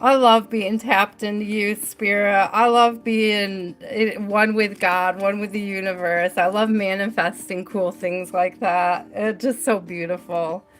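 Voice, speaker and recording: A woman hosting a casual live tarot reading, bubbly and quick to laugh, talking to spirit and to her viewers in the chat. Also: mid-range voice, level tone, fairly bright tone, soft background music. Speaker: tarot reader hosting a livestream.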